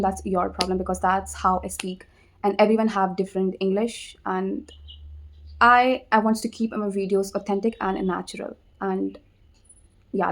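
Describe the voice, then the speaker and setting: A young Indian-accented woman talks straight to her viewers in a loose, conversational vlog. Her voice sits at an ordinary middle pitch. She repeats phrases, pauses mid-thought and keeps checking in with a quick "okay?". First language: Hindi. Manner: repetitive, conversational, frequent tag "okay?", pauses to think. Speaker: vlogger. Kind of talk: casual advice vlog.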